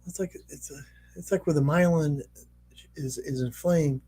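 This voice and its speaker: Male streamer, casual chat, thinks out loud, halting, lots of restarts. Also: fairly high pitch, husky. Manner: hesitant, thinks aloud with many restarts. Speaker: artist hosting a live stream.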